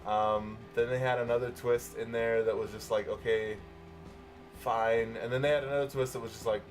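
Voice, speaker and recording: Relaxed, foul-mouthed male podcast host. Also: medium pitch, normal speed, faint music behind. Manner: relaxed, swears freely, many fillers. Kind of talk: casual movie review chat.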